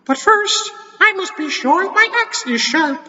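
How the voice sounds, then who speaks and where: A brave cartoon mouse woodcutter squeaks along in a very high, bright voice. The pitch jumps around a lot. The sound is dull and lo-fi, in a hall with a long echo. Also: male voice, animated, unhurried, exaggerated voice. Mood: eager.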